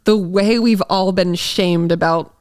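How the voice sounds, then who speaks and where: A young woman from Massachusetts tells a gossipy story on a podcast, her voice sitting lower than most. She peppers every sentence with "like" in casual chat. The recording is close and dry. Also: steady tone, takes it slowly, a little mellow, no room sound. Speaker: podcast co-host.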